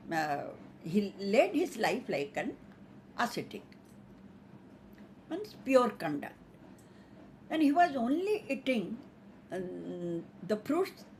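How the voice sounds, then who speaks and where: A woman tells an old fable slowly, pausing often with fillers. Her pitch moves up and down a lot. There is a faint hiss behind her. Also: darkish tone. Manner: unhurried, with many fillers. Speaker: storyteller. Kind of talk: telling a fable.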